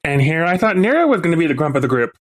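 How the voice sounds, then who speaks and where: A man's voice: fairly high pitch, very animated, rapid-fire. A man playing in a tabletop game, describing scenes in a wry way. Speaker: player. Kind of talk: casual chat during a tabletop game.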